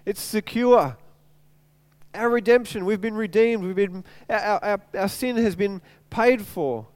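Male pastor, higher voice, clear and smooth delivery, earnest sermon with repeated phrases. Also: measured pace, dry recording.

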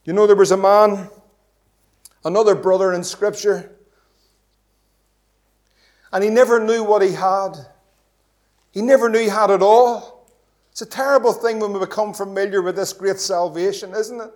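Male pastor with a high voice, impassioned sermon with big loud and hushed swings. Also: steady tone, moderate pace, long pauses. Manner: impassioned, rhetorical questions, sudden swings between loud and hushed. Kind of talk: evangelistic sermon.

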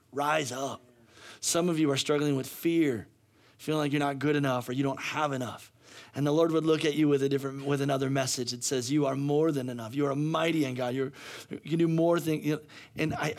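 A man pastor preaching a sermon, with many repetitions and restarts, moving from soft, low talk to loud shouting.

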